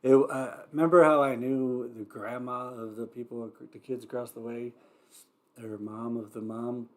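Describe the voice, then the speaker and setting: A man's voice: medium pitch, little pitch movement, moderate pace. A man hosting a variety show livestream, talking in a loose, rambling way with wry asides and the odd curse. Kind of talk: casual rambling livestream chat.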